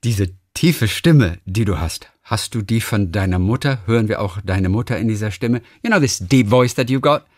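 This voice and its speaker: A man hosting a radio interview, summarizing in German and asking questions in English with lively banter. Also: fairly low pitch, moderate pace, few pauses, dry recording, clean studio sound. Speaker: radio host. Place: radio studio.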